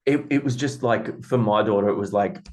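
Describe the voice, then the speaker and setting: Low-voiced man telling stories. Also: brisk. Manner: animated, swears freely. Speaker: podcast co-host. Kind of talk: casual storytelling.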